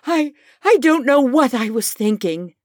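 A woman voicing a melodramatic, easily frightened male animal who wails and trembles in a high voice. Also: very animated, drawn-out words, dry recording, clean studio sound, full character voice. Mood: panicked. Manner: wailing, overwrought and trembling.

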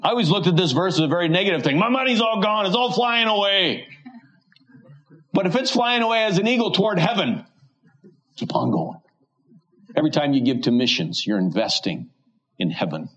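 A man preaching an expository sermon, reading scripture slowly and asking his listeners questions. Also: mid-range voice. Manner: reads scripture slowly and deliberately, asks rhetorical questions.

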